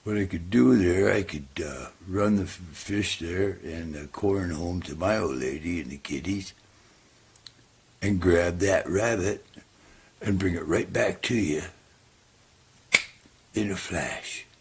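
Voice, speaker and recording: A man voicing a sly, smooth-talking male weasel who swindles in a folk story, with a wheedling, salesy manner. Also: deep voice, slow, long pauses, a little mellow, voice pushed up, heavily acted.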